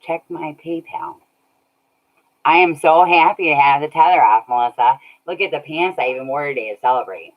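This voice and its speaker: A woman's voice: sits low, moderate pace. A woman chatting casually on a livestream, laughing often and thanking viewers by name. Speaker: streamer reading chat. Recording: dull lo-fi audio.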